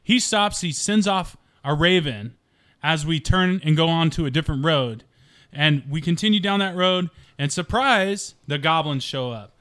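A man's voice: fairly high pitch, lively intonation, moderate pace, a bit bright, smooth. A man playing a tabletop game, casually recounting events with stumbles and laughs. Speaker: player.

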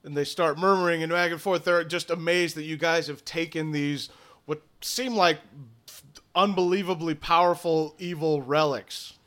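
A man's voice: fairly high pitch, steady tone, normal speed, fairly bright tone. A man narrating a tabletop game as game master, loose, profane and playful.

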